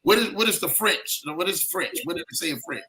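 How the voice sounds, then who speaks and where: A man's voice: sits high, animated, fairly quick, bright, forceful tone, low-quality recording. A man hosting a show, wrapping up in a hyped casual chat and saying "man" all the time. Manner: hyped, repeats "man" constantly, laughing. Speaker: podcast host.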